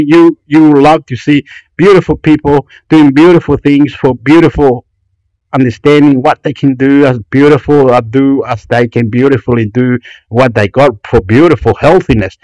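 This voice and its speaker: A man's voice: medium pitch, no room sound, poor audio. Vlogger, guy, swears a lot, gushes and repeats himself, dry close sound. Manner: loud, profane, gushing and repetitive. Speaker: YouTube vlogger. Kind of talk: excited rambling screen commentary.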